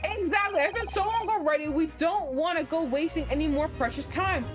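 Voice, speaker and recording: A woman voicing a rough, eager male police inspector who talks in a brisk, pushy way. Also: high voice, over music, close to an everyday voice.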